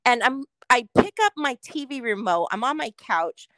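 A woman's voice: on the high side, lively intonation, moderate pace, a bit bright, dry recording. A woman co-hosting a casual podcast, ranting with heavy swearing and acting out her own reactions in quotes. She is from California. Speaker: podcast co-host. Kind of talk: casual profane chat.

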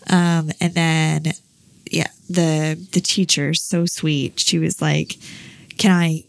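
A woman's voice: low voice, flat delivery, takes it slowly, vocal fry. A woman in her thirties chatting casually, a parent telling a long personal story with many fillers. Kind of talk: casual chat.

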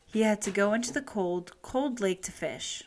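A woman reading a children's story aloud, expressive and unhurried. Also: medium pitch, slight background noise.

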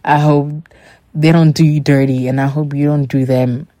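A woman with a low, mellow voice tells a personal story in a relaxed, candid monologue. She speaks straight to her listeners. The sound is dry and close. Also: moderate pace, no echo. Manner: candid, chatty, acts out quoted dialogue; addresses listeners directly. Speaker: podcast host.

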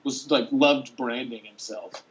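A man's voice: medium pitch, measured pace, poor audio. A man in casual sports chat, easygoing and slangy.

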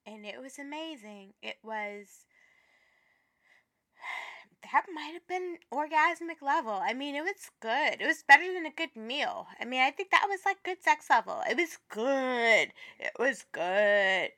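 A woman co-hosting a podcast in casual chat, profane and animated. Her voice sits high and sounds bright. She swings between loud outbursts and quieter asides. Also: a little slow. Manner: profane, animated, laughing, dramatic. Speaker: podcast co-host.

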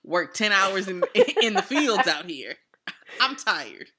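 A woman's voice: medium pitch, very animated, takes it slowly, sharp tone, slightly rough. A young woman co-hosting a podcast in casual chat, dry and teasing, laughing easily. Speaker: podcast co-host.

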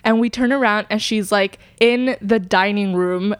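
A young woman chatting casually, telling a childhood story with lively acted-out voices and lots of "like". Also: mid-range voice, moderate pace, clean tone, no room sound, clean studio sound. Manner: animated, acts out childhood voices, many likes.

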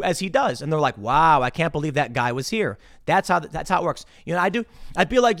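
A man's voice: fairly high pitch, a little fast, no echo, clean studio sound. A man in his thirties hosting a podcast, giving political commentary and acting out heated arguments. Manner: animated ranting, acts out heated bar arguments. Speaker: podcast host.

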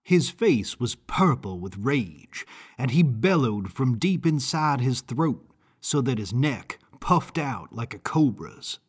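A man reading first-person audiobook narration in a measured, deliberate way. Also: medium pitch, breathy edge.

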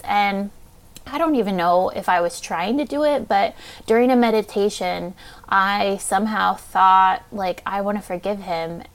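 A young woman hosting a podcast tells a personal story casually and candidly, saying "like" a lot and swearing freely. She's heartfelt and openly emotional, with a creaky voice of medium pitch.

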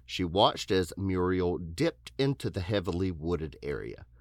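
A man's voice: low voice, sing-song, measured pace, no echo. A man hosting a podcast, reading a true-crime case aloud in a casual way with joking asides. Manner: joking asides, puts on silly voices for quotes. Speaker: podcast host telling a case.

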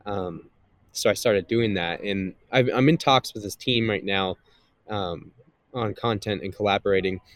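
A man's voice: fairly low pitch, measured pace, dry recording. A man, a guest and content creator, chatting casually in an interview with a slightly nasal voice, rambling with many fillers and restarts.

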